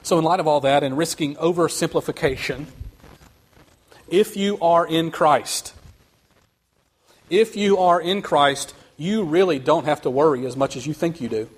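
A man preaching a sermon, speaking earnestly and building to quick, emphatic runs. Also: a little high, husky. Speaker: pastor.

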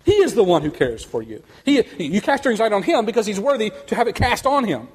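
Male pastor, sermon, slightly high voice, earnest, emphatic rising runs. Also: very animated, slightly rough. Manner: earnest, building to fast emphatic rises.

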